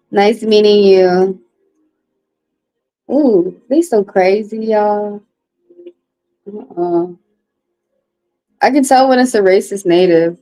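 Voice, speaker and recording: A woman's voice: medium pitch, darkish tone, rough recording. A woman doing a casual livestream tarot card reading, talking bluntly and profanely with rambling asides.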